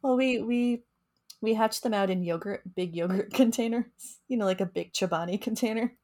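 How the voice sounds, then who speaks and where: A woman's voice: medium pitch, normal speed, darkish tone. A young adult woman, a researcher, chatting casually on a podcast and explaining with frequent laughs and restarts. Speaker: mosquito researcher and co-host.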